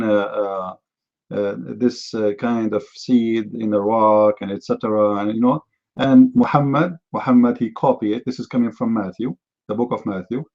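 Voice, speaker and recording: A man's voice: medium pitch, dark tone, dull audio. A man hosting a heated live online debate. He talks in non-native English with fillers and repeats, and fires off mocking rhetorical questions. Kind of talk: heated live-stream commentary.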